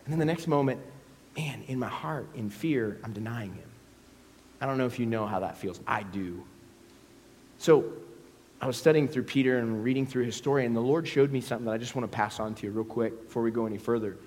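A male pastor with a mid-range voice preaches briskly, telling a story in an animated way and acting out scenes in character voices. Long hall reverb trails his words.

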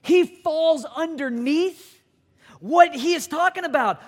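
Animated, high-pitched man preaching. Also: normal speed. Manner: animated, emphatic preaching with acted-out quotes. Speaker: pastor. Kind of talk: sermon.

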